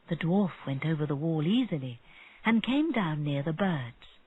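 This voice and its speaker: Slow husky narrator reading an easy story, lively pitch, tinny dry audio. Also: no room sound. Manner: slow, clear storytelling for learners. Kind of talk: slow graded-reader narration. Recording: narrow phone-like sound.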